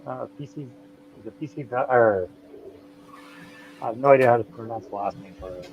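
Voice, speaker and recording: A man's voice: medium pitch, a little fast, slight background noise. Hesitant man on a muffled mic. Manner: hesitant, many fillers. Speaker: guest. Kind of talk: casual livestream chat.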